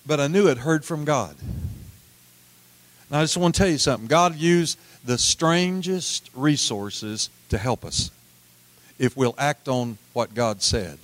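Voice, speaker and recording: A middle-aged man preaching a sermon, telling folksy stories with repeated words and swings from loud to hushed. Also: medium pitch, animated, unhurried. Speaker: pastor.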